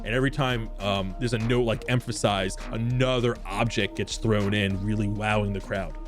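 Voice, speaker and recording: A man's voice: lowish voice, fairly even intonation, music in the background. A young man running a tabletop game as game master, narrating casually with many fillers. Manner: casual narration with many fillers, puts on quick character voices.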